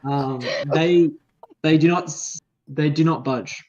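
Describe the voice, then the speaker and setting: Man, game master, casual narration, lots of ums, slightly high voice, muffled lo-fi audio. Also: slow. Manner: relaxed, hesitant with many fillers.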